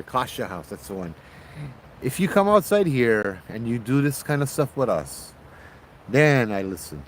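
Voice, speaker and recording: A tipsy man with a Hawaiian accent tells ghost stories in an easygoing, rambling way, dropping local slang as he goes. His voice sits at an everyday middle pitch. He is outdoors, with a faint hiss of noise behind him. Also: sing-song, a little slow. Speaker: host, ghost-story teller. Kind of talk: casual spoken storytelling. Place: outdoors at night.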